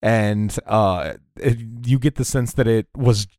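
A man narrating a tabletop game as game master in a relaxed storytelling manner with frequent fillers. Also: on the low side, slow pace, no room sound, studio quality.

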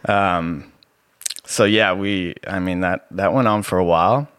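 Man, very low voice, soothing, dry close sound, rambling testimony guest. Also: measured pace, smooth, dry recording. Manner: relaxed, rambling, many fillers. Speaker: podcast guest. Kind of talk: casual personal testimony.

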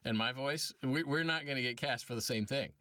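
A man with a bright, forceful tone telling stories as a podcast guest. He acts out quotes and talks in quick bursts with restarts. He is recorded close and dry. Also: mid-range voice, no room sound. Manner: animated storyteller, acts out quotes, frequent restarts. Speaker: guest voice actor. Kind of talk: casual podcast conversation.

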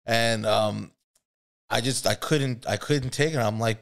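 A man's voice: medium pitch, a little slow, vocal fry, a bit bright. A man hosting a podcast, telling a story in a casual, rambling, profane way, full of filler words. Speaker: podcast host.

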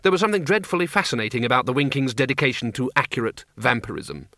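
A man narrates a comic fantasy audiobook at a mid pitch with a wry, measured delivery. His tone is bright and crisp, recorded dry and close. He keeps an even storytelling pace throughout. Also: no echo.

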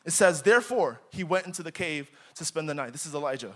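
A young man preaching a sermon in church, dramatic, moving from loud emphatic lines to quiet asides. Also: fairly high pitch, lively intonation, fast.

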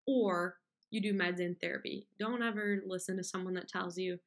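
A woman's voice: fairly low pitch, fairly even intonation, normal speed. Candid rambling young woman. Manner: candid, rambling, with frequent fillers and self-interruptions; mocks complainers with whiny put-on voices. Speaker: podcast host. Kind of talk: casual solo monologue.

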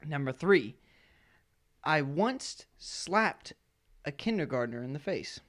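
A young man with a fairly high, lively voice that swings up and down as he talks. He is playful and jokey, laughing easily while he chats casually with friends over a party game. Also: takes it slowly. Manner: animated, laughs often, playful. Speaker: game player. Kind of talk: casual drinking-game chat.

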